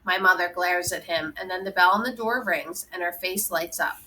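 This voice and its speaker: A woman reading a children's novel aloud in a steady storytelling manner. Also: on the low side, moderate pace, slight background noise, low-quality recording. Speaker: audiobook reader.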